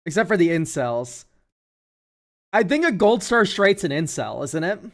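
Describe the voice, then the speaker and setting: A man's voice: a little high, very animated, moderate pace. A young man streaming, chatting casually in a rambling, sarcastic way and laughing often. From United States. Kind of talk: casual chat.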